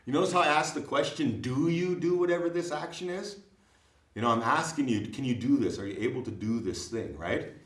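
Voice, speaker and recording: A man's voice: mid-range voice, a little fast. A man teaching a language class, explaining patiently and often checking that his students follow. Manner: lively, explains patiently with frequent checks for understanding. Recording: echoey room, recorded from far off.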